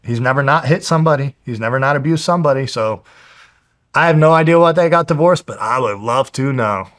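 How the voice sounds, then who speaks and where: A man's voice: medium pitch, brisk. Swearing young man telling a story. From New Jersey, USA. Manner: heavy swearing, animated retelling with quoted voices. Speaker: guest, pro fighter. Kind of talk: candid storytelling.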